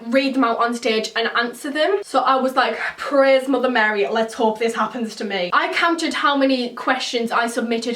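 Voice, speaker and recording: A woman's voice: on the high side, fairly bright tone, echoey room, far from the mic. A teenage girl from North-East England with a Geordie accent, telling a gushing storytime vlog with lots of giggles and "like". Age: teens. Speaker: YouTuber.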